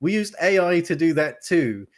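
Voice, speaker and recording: A man's voice: a little high, expressive, normal speed. A man hosting a stream show, chatting casually in a rambling way with lots of fillers. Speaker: show host.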